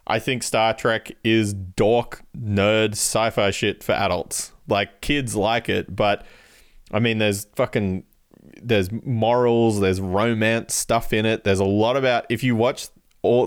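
A man's voice: on the low side, steady tone, unhurried, smooth, no room sound, clean studio sound. A man chatting casually as a podcast guest, rambling through his answers and laughing between them.

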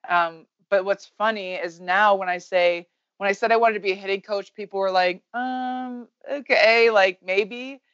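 A woman in her thirties, a baseball coach, talks as a guest in a candid, energetic way and swears casually. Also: mid-range voice, a little fast, clear, resonant tone, no room sound, highs cut off. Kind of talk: candid podcast conversation.

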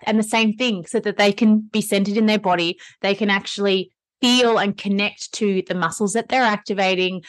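A woman's voice: medium pitch, steady tone, moderate pace, few pauses, no echo. A woman hosting a podcast and working as a Pilates instructor, talking in an easy, chatty, enthusiastic way. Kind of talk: conversational podcast interview.

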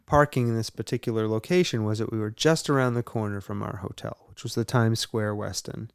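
A man's voice: lowish voice, a little fast, creaky, clear, resonant tone, no room sound, clean studio sound. A middle-aged man co-hosting a podcast, telling a story casually and acting out the dialogue. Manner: animated, plays out dialogue. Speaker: podcast co-host.

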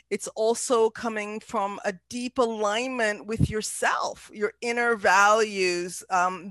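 A woman's voice: medium pitch, fairly bright tone, no room sound. A woman speaking earnestly and from the heart as a podcast guest, with some fillers and restarts. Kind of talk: inspirational podcast talk.

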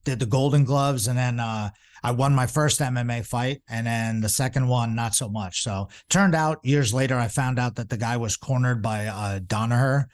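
A man's voice: medium pitch, normal speed. A man in his forties, a jiu-jitsu instructor, telling stories in a casual, rambling way, with lots of fillers and restarts. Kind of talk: casual storytelling.

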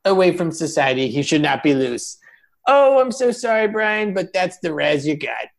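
A man hosting a comedy roast podcast, mocking guests with big swings between loud jabs and muttered asides. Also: fairly high pitch, sing-song, normal speed, vocal fry.

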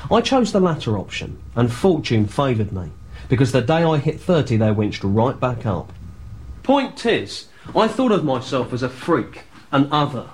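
A man playing a pompous, self-important male horror writer, speaking in a grandiose, deadpan scripted comedy monologue. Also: mid-range voice, normal speed, slight background noise, close to an everyday voice.

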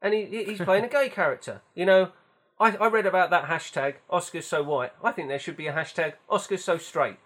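A man's voice: high-pitched, a little fast, a bit bright. A man co-hosting a casual film chat, telling stories in a chatty, wry way with the odd swear word. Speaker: podcast co-host.

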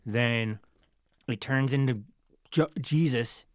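Blunt deadpan man on a podcast. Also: mid-range voice, slow, no echo, studio quality. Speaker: podcast co-host. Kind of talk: casual podcast chat.

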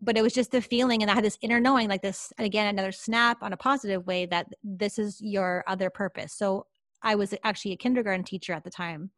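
A psychic medium, speaking quickly at medium pitch, shares a personal story in a podcast interview captured in a dry, studio-quality recording. She's lively and chatty, leaning heavily on fillers like "like".

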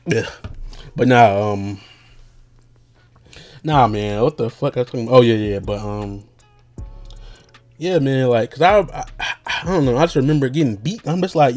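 A man's voice: medium pitch, moderate pace, long pauses, darkish tone. A young man rambling casually as a podcast host, loose and slangy with lots of fillers and jokes.

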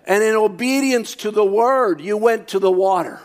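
Man, very high-pitched voice, fervent preacher, reads quotes and comments, shouts key points. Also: normal speed. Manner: reads quotations aloud and comments on them. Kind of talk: sermon.

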